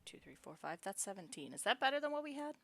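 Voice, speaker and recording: Bright, animated woman streamer. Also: mid-range voice, fast talker, dry recording. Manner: reads game text aloud, chats and laughs with viewers. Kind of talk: game narration and casual live chat.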